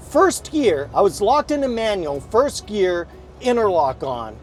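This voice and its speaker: A man with a high, lively voice narrates his gameplay live, cursing freely as things go wrong. His talk swoops up into sharp outbursts and back down. Game music plays clearly behind him. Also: measured pace. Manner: swears often, exasperated outbursts. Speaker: streamer.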